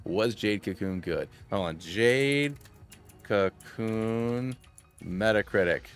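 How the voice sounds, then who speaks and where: A man in his thirties streaming a game, chatting casually in a rambling, excitable way with many restarts and tangents. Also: fairly low pitch, slow, clean tone, faint music behind. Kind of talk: casual gaming stream chat.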